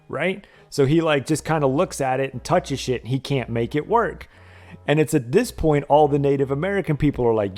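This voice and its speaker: A man's voice: a little high, brisk, faint music behind. A man streaming a retro game, casually retelling a TV episode with lots of swearing and frequent laughter. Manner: profane, laughs often, animated storytelling.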